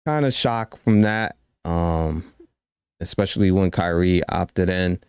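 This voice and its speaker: A man co-hosting a sports talk podcast, giving his take in a measured way and thinking aloud. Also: low-pitched, darkish tone, clear, resonant tone, no echo, studio quality. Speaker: podcast co-host. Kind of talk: casual sports debate.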